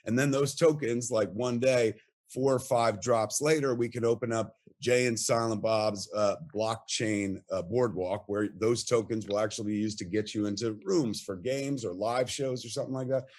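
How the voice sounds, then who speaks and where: A man's voice: lowish voice, fairly even intonation, moderate pace, darkish tone. A middle-aged man, a podcast guest telling rambling, profane anecdotes full of acted quotes. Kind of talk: animated storytelling.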